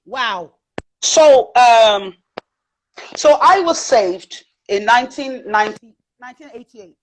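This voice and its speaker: A woman with a British accent shares her life story as an interview guest. Her voice sits high and swoops up and down with energy. She talks in a chatty, animated way, full of fillers and restarts. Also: slow, low-quality recording.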